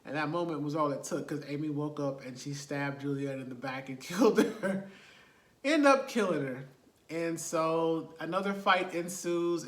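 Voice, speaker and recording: Animated man recapping a movie. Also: a little high, echoey room. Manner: animated, laughing retelling with rhetorical asides. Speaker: movie reviewer.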